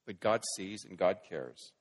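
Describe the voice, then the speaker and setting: A man preaching a sermon, dramatic, moving between hushed quiet lines and loud scripture reading. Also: deep voice, expressive, a little slow. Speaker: pastor. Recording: long reverb of a large hall.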